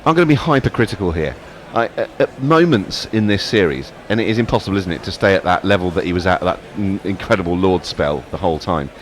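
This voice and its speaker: A man's voice: low-pitched, lively intonation, quick pace, few pauses, over music. A man co-hosting a live cricket broadcast, reading listener messages with dry, sardonic jokes. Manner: dry, jokey, sardonic asides. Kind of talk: casual live commentary chat.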